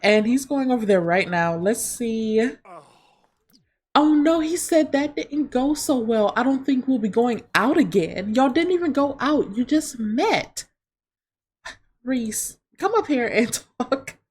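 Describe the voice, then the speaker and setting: A woman's voice: sits high, expressive, slow pace, a little mellow. A woman hosting a let's play, chatting casually to viewers as she narrates a life-simulation game. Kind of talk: casual gameplay commentary.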